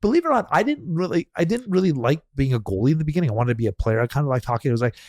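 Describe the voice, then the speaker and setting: Man, podcast host, quick chatty delivery, mid pitch, dry close sound. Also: very animated, a little mellow, no room sound. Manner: fast, chatty, restarts and laughs. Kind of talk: casual interview chat.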